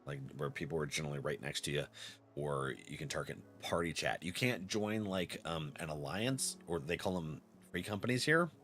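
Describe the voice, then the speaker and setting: Soft music plays behind a man speaking at a normal speed while he streams a game. He talks casually with viewers, reads their chat aloud, laughs frequently, and his pitch varies in a lively way.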